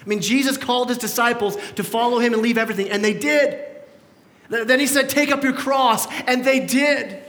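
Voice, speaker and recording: A male pastor preaching a sermon in a church, animated and acting out the voices he quotes with rising emphasis. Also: very high voice, brisk, long reverb tail. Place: church sanctuary.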